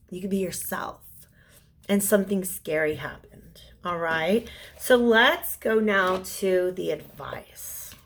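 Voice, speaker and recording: A young woman giving a gentle, soothing tarot reading, often restarting her sentences and sometimes dropping to a whisper. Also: fairly low pitch. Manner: halting restarts and repeated words. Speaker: tarot reader. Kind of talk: intuitive tarot reading to a viewer.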